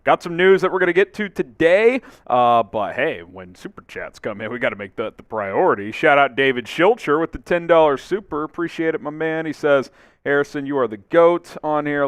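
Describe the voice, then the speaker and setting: A man hosting a live sports talk stream from a studio. He reads out viewers' names and chat comments and gives shout-outs in an upbeat way. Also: medium pitch, expressive, moderate pace, clean tone, no room sound. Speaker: sports show host.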